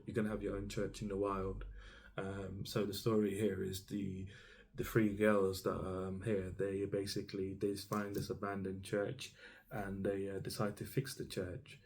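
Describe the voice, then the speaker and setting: A man's voice: deep voice, darkish tone, a little hiss or hum. A man giving an intuitive tarot reading straight to the listener as "you", meandering and hesitant, full of ums and restarts. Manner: speaks directly to the listener as "you". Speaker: tarot reader.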